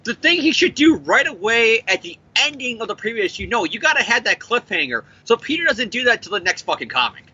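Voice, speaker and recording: A man rants through a comic review in a casual, profane, joking way. His voice sits high and swings widely, with a very bright, forceful edge. The recording sounds dull and lo-fi. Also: a little fast, hardly any pauses, breathy edge. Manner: profane, animated, jokey ranting. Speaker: comic book podcast co-host.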